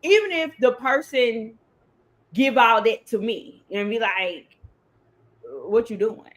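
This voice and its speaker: Woman, podcast co-host, casual chat, slightly high voice, advice with acted-out examples. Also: animated, slow pace, a bit bright.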